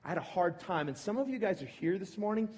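Man in his thirties, pastor telling a story in a sermon, a touch high-pitched, big reverberant church hall. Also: expressive, fast, husky. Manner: personal storytelling, swinging from hushed to emphatic. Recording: long reverb of a large hall.

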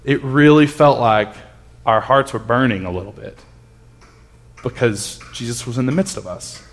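A pastor, a man in his thirties, delivers a conversational sermon, earnestly recounting a personal story with frequent restarts and sinking to a hush at tender moments. His voice is mid-range and moderately paced, with a little hiss or hum in the recording.

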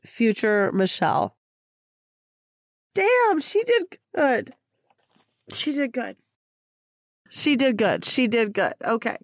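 A woman hosts her own podcast alone, chatting casually and animatedly, laughing and swearing freely as she talks to herself. Her voice sits at a middling pitch and is recorded dry and close, with no room sound. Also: dry recording. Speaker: podcast host.

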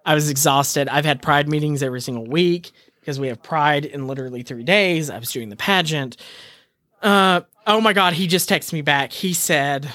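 A man's voice: a little high, moderate pace, pushed and bright, no room sound. A man co-hosting a podcast in casual chat, ranting dramatically and laughing at his own frustration. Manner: exasperated, dramatic, rants with laughter. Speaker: podcast co-host.

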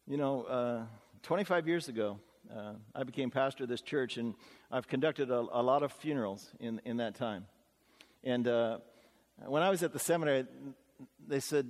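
A middle-aged male pastor tells stories from the pulpit in a folksy, earnest way, peppering his talk with 'uh' and 'you know'. His voice sits at an ordinary pitch for a man and carries a long reverb tail from the church hall. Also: moderate pace. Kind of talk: conversational storytelling sermon. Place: church sanctuary.

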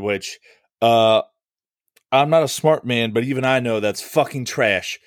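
A man's voice: medium pitch, unhurried, no room sound, studio quality. A man co-hosting a baseball podcast, talking loosely with lots of fillers and swearing. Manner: loose and profane, many fillers. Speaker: podcast co-host. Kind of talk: casual sports podcast chat.

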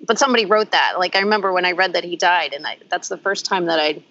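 Woman, animated storyteller who laughs mid-sentence, chatty co-host, slightly lo-fi sound. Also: on the low side, fast. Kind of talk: casual chat. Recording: slightly dull lo-fi recording.

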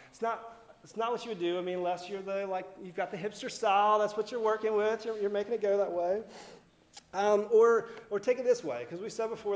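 High-voiced pastor in an echoey room. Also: male voice. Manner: conversational, many fillers and restarts, light laughs. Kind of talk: casual sermon.

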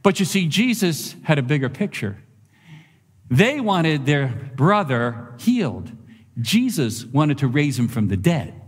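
A male pastor preaching a sermon in a church, animated and conversational, repeating phrases for emphasis. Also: a little high, a little slow, breathy edge. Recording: long reverb of a large hall.

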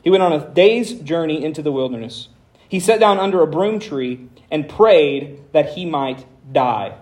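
Male pastor, fairly high voice, casual sermon delivery with deadpan jokes. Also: normal speed. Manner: conversational preaching with dry humor; reads scripture aloud with dramatic emphasis.

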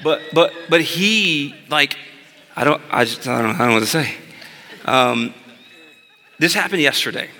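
A man's voice: a little high, animated, unhurried, creaky, pauses often, sharp tone, slight background noise. A man in his thirties preaching a sermon as pastor, mixing scripture with funny, conversational stories about his kids. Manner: conversational, humorous storytelling. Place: church sanctuary. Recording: long hall reverb.

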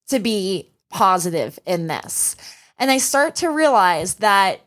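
A woman's voice: medium pitch, expressive, moderate pace. A young adult woman hosting a solo podcast as a running coach, telling a race story and giving earnest, encouraging advice. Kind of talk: casual solo podcast talk.

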